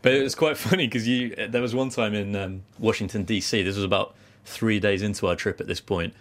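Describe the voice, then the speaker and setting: A man's voice: fairly low pitch, brisk. A young British man co-hosting a casual podcast chat, telling anecdotes and laughing often. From Britain. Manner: chatty storyteller, laughs often. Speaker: podcast co-host.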